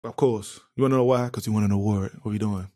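A young man co-hosting a podcast, ranting in a fast, animated, profane casual style. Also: on the low side, dry recording, studio quality. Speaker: podcast co-host. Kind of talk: casual comedic rant.

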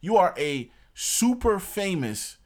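A man's voice: high-pitched, big pitch swings, slow pace, a little mellow. Opinionated young man ranting emphatically. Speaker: podcast host. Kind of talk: casual chat.

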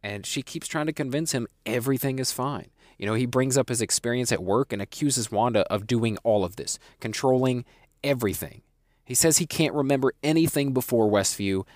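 A man's voice: mid-range voice, brisk, a little mellow, no echo, clean studio sound. A man hosting a podcast, giving a casual episode recap in a chatty way, often restarting and adding asides. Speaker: podcast host reviewing a TV episode.

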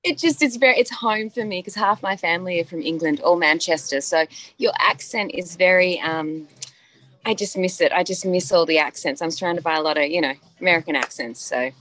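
A woman's voice: lowish voice, fairly quick, fairly bright tone, low-quality recording. A woman, an actress chatting enthusiastically as a guest on a video call. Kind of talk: casual chat over video call.

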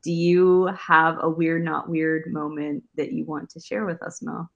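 A woman's voice: sits low, little pitch movement, a little slow, creaky, dull audio. A woman hosting a podcast interview, asking questions and cheering her guest on. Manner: encouraging, affirming. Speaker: podcast host. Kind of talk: casual interview.

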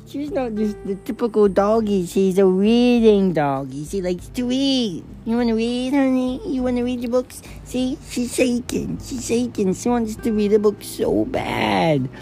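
A woman's voice: a little high, expressive, unhurried, few pauses, mellow, faint music behind. A woman hosting a playful comedy vlog, teasing her dog and talking to it like a baby.

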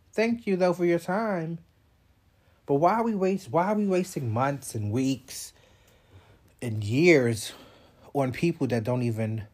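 A young man holds forth on his podcast in a blunt, animated way, his voice husky and breathy. His pitch swings widely as he makes his points, and he swears freely. He throws in quick asides as he goes. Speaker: podcast host. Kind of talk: casual monologue.

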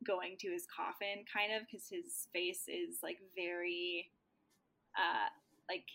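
A woman's voice: fairly low pitch, level tone, slow, gravelly, pushed and bright. A woman co-hosting a casual chat, gushing and rambling, leaning heavily on fillers.

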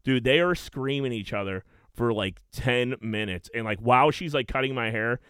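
A man in his thirties from Pittsburgh telling a long anecdote in casual podcast chat, swearing and animated. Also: mid-range voice, normal speed, clear, resonant tone, no echo. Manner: animated anecdote teller, swearing, many fillers. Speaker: podcast co-host.

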